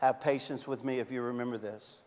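A man preaching a sermon as a pastor, telling stories with big swings from loud to hushed. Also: medium pitch, fairly even intonation, brisk. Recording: long hall reverb.

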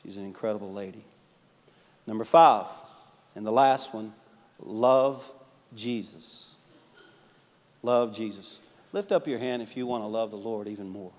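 A man who pastors a church, preaching a sermon and telling stories, swinging between emphatic and hushed delivery. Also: fairly low pitch, moderate pace, long reverb tail. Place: church sanctuary.

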